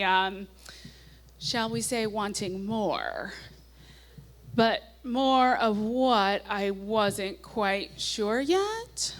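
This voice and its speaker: A woman's voice: mid-range voice, fairly bright tone. A woman in her forties on a nightclub stage, reading her teenage diary aloud into a microphone, with wry asides and passages read with mounting gusto. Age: 40s. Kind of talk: live comic diary reading. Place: stage at a nightclub before an audience.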